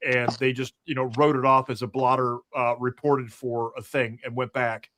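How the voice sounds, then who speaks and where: Man, blunt storyteller, curses freely, middle pitch. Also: little pitch movement, normal speed, hardly any pauses, a bit bright. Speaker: podcast host, army veteran. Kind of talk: casual podcast chat.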